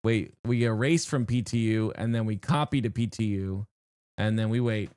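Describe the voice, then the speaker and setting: A live streamer chatting excitedly to viewers while playing, often restarting sentences mid-thought. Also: mid-range voice, moderate pace, smooth, no room sound. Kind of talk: live-stream game reaction chat.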